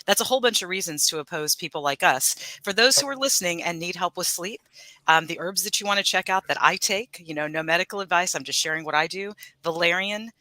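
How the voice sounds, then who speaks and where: Bright, high-voiced man in a dry room. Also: fast talker, no echo, low-quality recording. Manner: informative, adds facts and tips. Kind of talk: casual chat.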